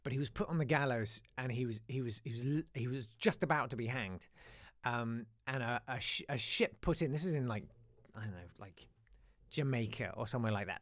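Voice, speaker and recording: A British man hosting a casual live podcast, telling animated stories and reading listener emails. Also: medium pitch, fairly quick, dry recording, studio quality. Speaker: host.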